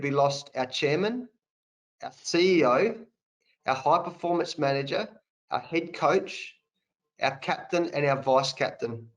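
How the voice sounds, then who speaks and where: A man's voice: fairly high pitch, dull audio. Earnest Australian man telling his story. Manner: earnest and emphatic, repeats phrases for weight. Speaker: interview guest, cricket coach. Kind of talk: candid personal storytelling. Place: home study, indoors. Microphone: video call.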